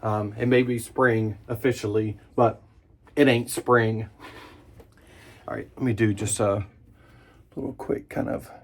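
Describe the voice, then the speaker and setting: A man in his thirties hosting a casual shaving vlog at his bathroom sink, relaxed and enthusiastic, humming in approval. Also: lowish voice, unhurried, pauses often. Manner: relaxed, enthusiastic, chatty with small hums of approval. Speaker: wet shaving channel host. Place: home bathroom at the sink, indoors.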